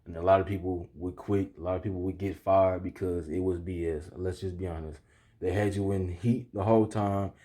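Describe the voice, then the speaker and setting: Low, dark-toned and brisk, with fairly even intonation, a young man's voice carries a casual vlog story packed with slang. He often checks in with "you feel me" and gets worked up as the retelling goes on.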